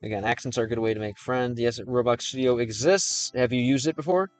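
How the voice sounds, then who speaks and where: A man's voice: mid-range voice, a little fast, soft background music. An American man livestreaming and chatting casually with viewers, reading their questions aloud. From United States.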